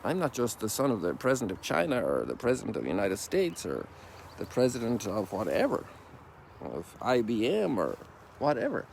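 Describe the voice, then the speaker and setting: His voice is lowish, creaky, and a little mellow, with wildly swooping pitch and a moderate pace, plus faint hiss or hum. He's an Irish priest in his sixties giving a rambling, folksy reflection on a sunrise walk outdoors.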